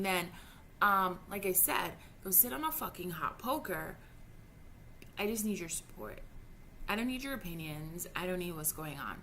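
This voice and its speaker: A woman's voice: mid-range voice, sharp tone, slight background noise. A woman in her thirties venting frankly in a personal vlog, heated and swearing freely, stumbling over her words when upset. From Jamaica. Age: 30s. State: upset and frustrated. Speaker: vlogger. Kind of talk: emotional personal vlog rant.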